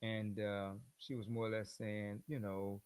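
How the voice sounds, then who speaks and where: An older man hosting a conversation, calm and affirming as he listens and shares. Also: lowish voice, a little slow, clean tone. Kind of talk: conversational interview.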